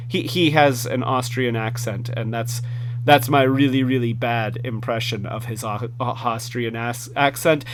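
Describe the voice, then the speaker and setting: Slow-talking enthusiastic man reviewing toys. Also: medium pitch, steady tone, slight background noise. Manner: enthusiastic, rambling with fillers and restarts. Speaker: toy review host. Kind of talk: casual hands-on product review.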